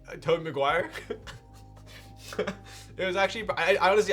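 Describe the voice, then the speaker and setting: A man with a slightly raised pitch chats loosely with his live-stream audience. His talk is excitable and full of slang, broken up by easy laughter, with faint music playing underneath. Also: slow pace, pauses often. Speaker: streamer hosting a keyboard build stream. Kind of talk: casual live-stream chat with viewers.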